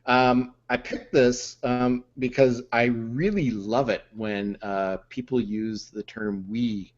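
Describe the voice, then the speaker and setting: A man co-hosting a podcast, chatting casually over beer in a hesitant way with many pauses, on muffled lo-fi audio. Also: medium pitch, steady tone. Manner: hesitant, many ums and restarts. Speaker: podcast co-host.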